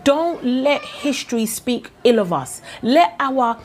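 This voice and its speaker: A woman's voice: high-pitched, lively intonation, slow, darkish tone. A woman with a Ghanaian accent, ranting with passion in a vlog, full of indignant rhetorical questions. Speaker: vlogger. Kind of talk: impassioned political rant.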